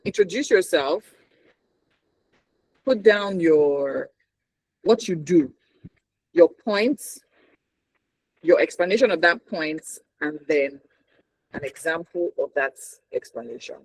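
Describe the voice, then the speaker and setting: A man's voice: on the high side, poor audio. A man with a Nigerian accent teaching a communication workshop, emphatic and checking in with the audience often. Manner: emphatic, checks in with frequent "right?". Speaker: communication trainer.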